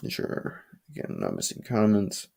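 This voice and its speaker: A man's voice: lowish voice, wildly swooping pitch, measured pace, vocal fry, a little mellow, breathy edge. A young man hosting a late-night live chat with viewers, talking casually and rambling with restarts and opinionated asides, sleepy and yawning. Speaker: livestream host.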